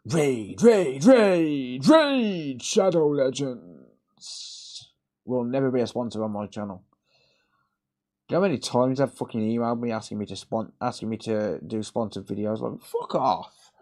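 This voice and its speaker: A man's voice: lowish voice, fairly even intonation, a little fast, darkish tone. A British man hosting a live repair stream, rambling in casual chat, swearing and laughing a lot.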